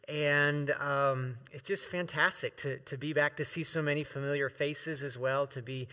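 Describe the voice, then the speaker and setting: A man's voice: on the high side, steady tone, moderate pace, pushed and bright. A man preaching as a guest, heartfelt and emotional, with many fillers and restarts, reading scripture aloud to the congregation. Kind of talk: sermon. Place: church sanctuary.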